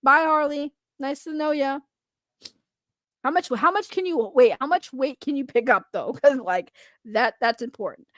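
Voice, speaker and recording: A woman's voice: high-pitched, moderate pace, fairly bright tone, dry recording, clean studio sound. A woman hosting a livestream, chatting casually with her viewers. She swears freely, laughs a lot and slips into sarcastic, mock-innocent protests. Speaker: livestream host reacting to chat.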